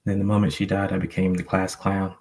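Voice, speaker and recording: Gravelly low-voiced man telling a story. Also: monotone, brisk, a little mellow. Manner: earnest, rambling, many fillers. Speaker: panel guest. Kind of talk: personal storytelling in a panel talk.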